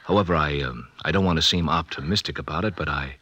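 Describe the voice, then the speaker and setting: An actor playing a grave, measured family doctor who reassures his patient, in a 1950s educational film. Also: extremely low pitch, pushed and bright, husky, no echo, heavily acted. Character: calm grave family doctor, middle-aged man. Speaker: doctor in a dramatized scene.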